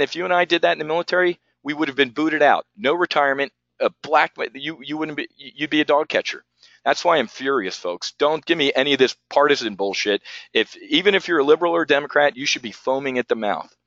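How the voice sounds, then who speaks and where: A man's voice: mid-range voice, a little fast, a bit bright, dry recording, dull audio. A man hosting a live market commentary show, heated and ranting, tripping over his words as he talks. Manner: heated, ranting and repeating himself. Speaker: trading show host.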